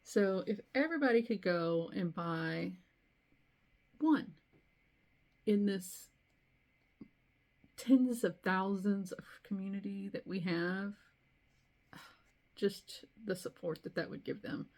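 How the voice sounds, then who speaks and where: Brief: middle-aged woman, casual craft-channel host, lively storyteller, gravelly texture. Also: mid-range voice, slow, long pauses. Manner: chatty, animated storytelling with laughs. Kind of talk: casual chat to camera.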